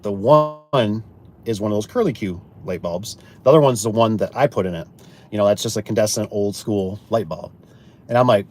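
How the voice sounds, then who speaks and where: A garage door installer and business owner chatting to viewers, rambling through folksy work stories and acting out both sides of conversations. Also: male voice, on the low side, lively intonation, brisk, darkish tone. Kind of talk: casual storytelling to viewers.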